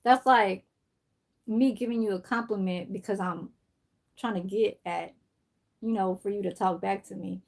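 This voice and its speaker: A middle-aged woman livestreaming from San Francisco, USA, chats casually, rambling through a story and swearing freely. Her mid-range voice is gravelly and a little mellow, with a steady tone, normal speed, and long pauses.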